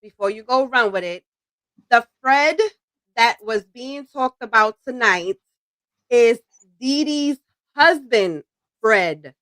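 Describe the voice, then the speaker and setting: A woman co-hosting a livestream, sassy and animated, reading viewer comments aloud and laughing often. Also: fairly high pitch, slow pace, long pauses, no echo. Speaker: co-host.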